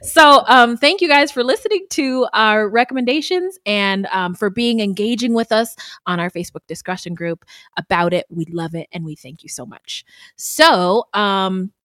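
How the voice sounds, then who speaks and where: A woman co-hosting a podcast in casual chat, animated and blunt, swearing freely. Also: medium pitch, moderate pace, dry recording, clean studio sound. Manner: animated, swearing, bursting into laughter. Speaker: podcast co-host.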